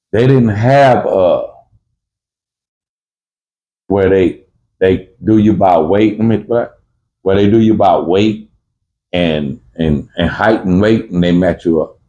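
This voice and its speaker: Casting note: deep-voiced male podcast guest, slangy, animated, dull lo-fi audio. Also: slow pace, pauses often. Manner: animated, acts out both sides of fights with raised voice; street slang, frequent restarts. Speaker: podcast guest telling prison stories. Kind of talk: casual storytelling.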